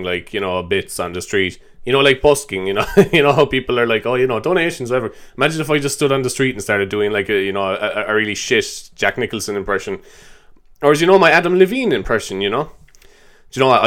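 A man's voice: lowish voice, fairly bright tone, smooth. A man hosting a comedy show, rambling through an improvised monologue in a self-mocking way and laughing often.

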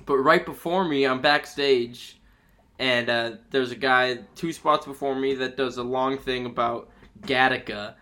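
A man's voice: medium pitch, steady tone, measured pace, sharp tone. A young man hosting a podcast, telling a crude story in a rambling way with lots of fillers. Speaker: podcast host. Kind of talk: casual podcast chat.

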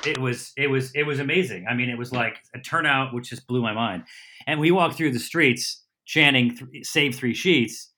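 Man, middle-aged, comedian guest, casual storytelling, bright forceful tone, rambling with quick self-corrections. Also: medium pitch. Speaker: comedian and TV host, podcast guest.

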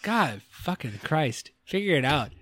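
A man's voice: a little high, sing-song, unhurried, very noisy. A man co-hosting a podcast, casually recapping a game's story and laughing often as he acts out characters' lines. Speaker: podcast co-host. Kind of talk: casual game recap chat.

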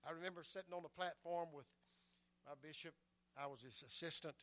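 A man's voice: a little high, fairly quick, bright, forceful tone. An older man preaching a sermon and telling his own stories, stumbling over repeated words and adding "amen" between his lines. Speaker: pastor.

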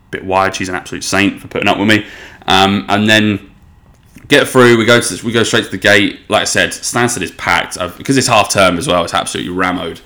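A young man telling a long story in a casual, rambling way, swearing freely and getting excitable. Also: sits low, vocal fry. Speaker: podcast host.

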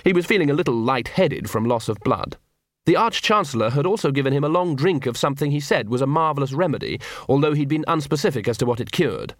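Expressive male audiobook narrator. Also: mid-range voice, quick pace, no echo, studio quality.

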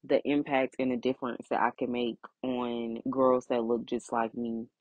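Low-voiced emotional woman hosting a podcast. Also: little pitch movement, moderate pace, darkish tone, no echo, lo-fi sound. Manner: heartfelt, emphatic, repeats phrases. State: emotional, close to tears. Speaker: podcast host. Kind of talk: solo podcast monologue.

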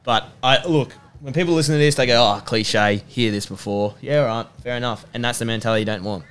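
Fast-talking young man. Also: mid-range voice, fairly even intonation, smooth. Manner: emphatic, repetitive pep-talk delivery. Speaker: podcast guest, personal trainer and rugby player. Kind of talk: motivational casual chat.

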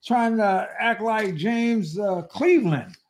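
A man's voice: sits high, slow. A man hosting a political podcast, talking in an emphatic, preachy, conversational way. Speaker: podcast host.

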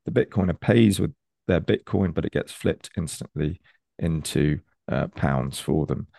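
A man's voice: a bass voice, a little slow, vocal fry, mellow, no room sound, studio quality. A man, an enthusiastic and persuasive consultant explaining ideas on a video call. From United Kingdom. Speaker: Bitcoin consultant.

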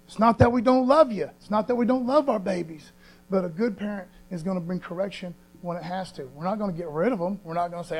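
Man, pastor, sermon, high voice, folksy and emphatic. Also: fairly quick, a little mellow, poor audio. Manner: folksy, conversational preaching with emphatic scripture reading.

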